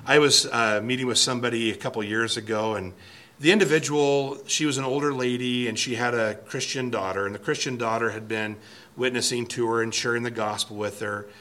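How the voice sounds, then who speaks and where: A man's voice: mid-range voice, a little fast, bright, forceful tone. A man teaching through a Bible passage verse by verse, thinking aloud and reading commentary quotes. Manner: thoughtful, restarts phrases, reads quotes aloud.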